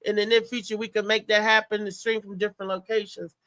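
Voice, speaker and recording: Bright playful woman host, dry sound. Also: medium pitch, fast, dry recording. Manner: playful, nosy questions, lively laughter. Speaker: show host. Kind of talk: casual live show banter.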